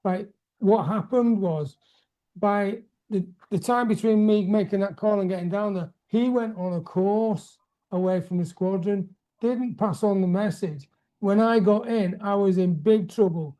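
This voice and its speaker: A man's voice: high-pitched, unhurried, dark tone. A man hosting a casual chat, telling a story in a hesitant way with many restarts. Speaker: host.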